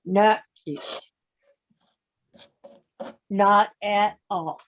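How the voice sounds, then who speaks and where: A woman chatting with quilting friends on a video call, expressive and teasing. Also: medium pitch, drawn-out words. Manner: expressive, teasing, exclaims a lot. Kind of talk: casual chat. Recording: muffled video call audio.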